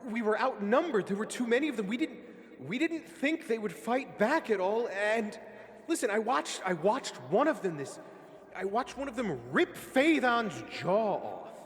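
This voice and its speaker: A terrified carriage driver stammering and begging for mercy, as a man plays him. The voice is pitched high and loud. A long reverb hangs on it. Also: very animated, normal speed. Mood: pleading. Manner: stammering, pleading.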